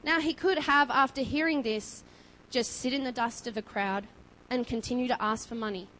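A woman preaching a sermon, impassioned and building to loud emphasis. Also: fairly high pitch, moderate pace, slight background noise, poor audio.

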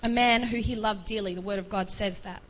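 A woman's voice: mid-range voice, fairly even intonation, brisk, low-quality recording. A woman preaching a sermon, retelling a Bible story earnestly and acting out the voices of its figures with pleading rises.

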